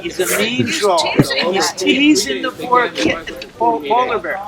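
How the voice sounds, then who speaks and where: A man telling a folk tale to an audience in an animated way, acting out the parts. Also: very high voice, unhurried. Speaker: storyteller. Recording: distant mic, loud music behind.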